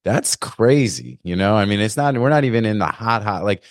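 Joking laid-back host with lowish voice. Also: male voice, lively intonation, quick pace, clear, resonant tone, no room sound, clean studio sound. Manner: loose, joking, full of fillers and slang. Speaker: podcast host. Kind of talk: casual chat. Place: Florida.

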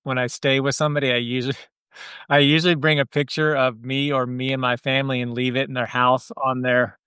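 A man's voice: mid-range voice, level tone, fairly quick, pushed and bright, clean tone, no echo, clean studio sound. A man in casual chat, telling a wry, amused anecdote.

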